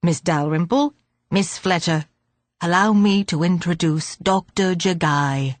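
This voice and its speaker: A woman's voice: fairly low pitch, a little slow, no room sound, lightly acted. A woman reading an audiobook, voicing a very old man who speaks dryly and fretfully. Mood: kindly. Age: older. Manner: dry, fretful.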